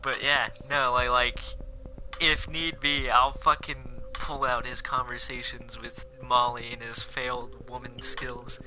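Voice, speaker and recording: A young man hosting a casual podcast chat, rambling and profane, with frequent animated bursts. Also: mid-range voice, unhurried. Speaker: podcast host.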